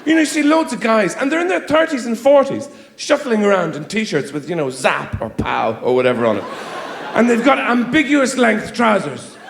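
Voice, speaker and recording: A man from Ireland doing a stand-up comedy set, rambling, muttering into asides and then bursting into loud mocking quotes, recorded live in a roomy venue. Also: sits high, very animated, moderate pace, vocal fry, a little hiss or hum.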